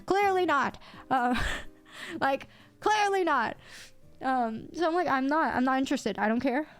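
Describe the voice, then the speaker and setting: A woman livestreamer with a high-pitched voice tells a story to her chat with lots of animation. She swears casually and bursts into laughter. Faint music plays underneath.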